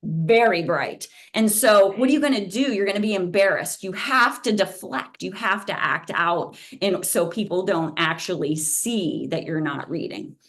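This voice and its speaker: A woman professor gives an informal talk over a video call. She tells stories animatedly at a middle pitch and restarts her sentences often, thinking aloud as she goes. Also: normal speed, hardly any pauses. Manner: animated storytelling, many restarts. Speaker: guest speaker, psychology professor. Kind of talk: informal talk at a lunch event.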